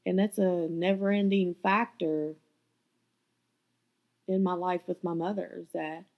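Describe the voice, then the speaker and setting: A woman's voice: lowish voice, level tone, a little slow, narrow, tinny audio. A woman hosting her own podcast, telling her life story in a raw, candid way and swearing freely. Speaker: podcast host. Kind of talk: confessional personal storytelling.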